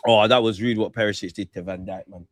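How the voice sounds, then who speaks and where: Excitable football fan commentating. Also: male voice, on the low side, fast, dry recording. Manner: excitable, talks to players and ref, swears. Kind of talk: live match watch-along commentary.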